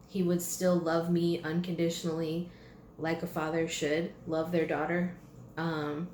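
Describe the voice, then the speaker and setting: Young female vlogger, low-voiced, teary, halting, echoey room with faint hiss. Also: a little mellow. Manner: halting, many fillers and pauses. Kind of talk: emotional personal vlog.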